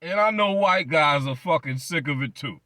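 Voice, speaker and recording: A man's voice: fairly high pitch, animated, normal speed, sharp tone, no room sound. A man hosting his channel, delivering a blunt, profane commentary rant full of emphatic repetition. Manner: blunt, emphatic, heavy swearing, repeated words. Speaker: channel host.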